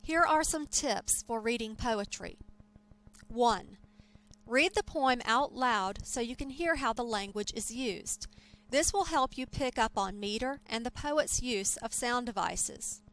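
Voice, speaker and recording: A woman teaching a lecture, explaining terms in a clear, measured way. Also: on the high side, expressive, fairly bright tone, low-quality recording. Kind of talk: scripted lecture.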